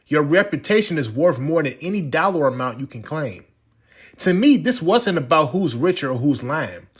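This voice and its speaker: A man hosting a commentary channel, speaking in a measured, reflective way. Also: a little high, slightly rough. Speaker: channel host. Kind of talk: commentary to camera.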